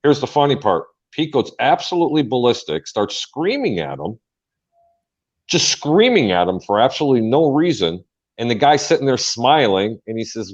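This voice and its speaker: A man hosting a sports talk show, telling an animated story and acting out the quotes. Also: mid-range voice, normal speed. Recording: dull lo-fi sound.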